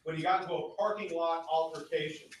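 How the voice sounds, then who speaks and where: A man giving a deliberate, emphatic opening statement as prosecutor in a courtroom. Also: fairly high pitch, steady tone. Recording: echoey courtroom audio from far off, faint noise.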